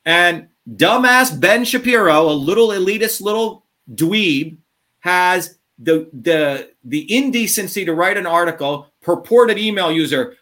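Man, slightly high-pitched, combative rant, profane, fast bursts and drawn-out words. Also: animated, sharp tone. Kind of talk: impassioned interview talk.

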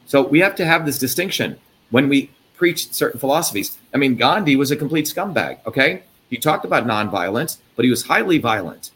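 A man's voice: medium pitch, big pitch swings, a little fast, fairly bright tone. A man from India rants in a heated, profane torrent, hammering each point with emphasis. A faint hiss of background noise sits under his voice. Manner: profane, angry, emphatic ranting. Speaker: host. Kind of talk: heated interview talk.

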